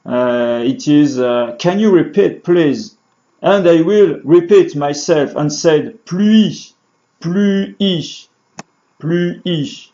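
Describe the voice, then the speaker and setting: A man in a beginner lesson talks very slowly, often stalling on fillers and restarting his sentences. His voice sits a little high for a man. The recording is dull and lo-fi. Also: animated, warm tone. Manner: halting, many fillers and restarts. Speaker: French teacher. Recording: dull lo-fi sound.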